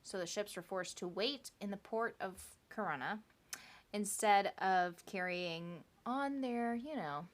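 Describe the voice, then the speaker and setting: A woman's voice: mid-range voice, a little slow. A woman co-hosting a podcast, telling a history story in a casual, chatty way with laughing asides. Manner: chatty, laughing asides and playful quoted voices.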